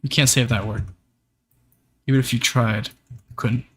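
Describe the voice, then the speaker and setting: Young man, laid-back slow delivery, chatty, exasperated ranting to a live chat. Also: medium pitch, fairly even intonation, fairly bright tone, slightly rough, dry recording. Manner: ranting, swearing, laughing to chat. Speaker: streamer. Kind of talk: casual livestream rant.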